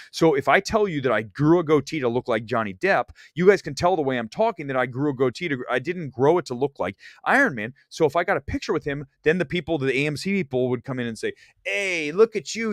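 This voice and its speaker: A man's voice: medium pitch, no room sound, clean studio sound. A man hosting a movie talk show, rambling through stories and acting out the people he quotes. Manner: animated storytelling, acts out quoted people. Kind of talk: casual rambling livestream chat.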